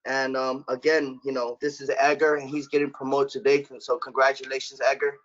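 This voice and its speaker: A man's voice: mid-range voice, flat delivery, a little fast, a bit bright. A man running a sales team meeting over a call, blunt and casual, swearing now and then. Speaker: sales manager. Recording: dull lo-fi call audio.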